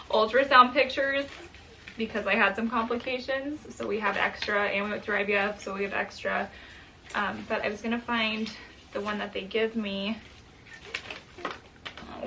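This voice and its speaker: A woman's voice: mid-range voice, creaky, bright, forceful tone, slight background noise, low-quality recording. A young woman and mother chatting casually in a home vlog, emotional and laughing at times. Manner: sing-song talk to her baby. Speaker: vlogger, mother.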